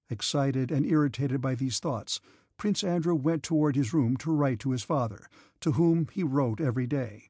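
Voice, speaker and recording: A man narrates a classic novel in a steady, measured way. His voice sits a little high and has a husky grain. The sound is dry and close to the mic. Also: no room sound. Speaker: audiobook narrator. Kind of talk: scripted audiobook narration.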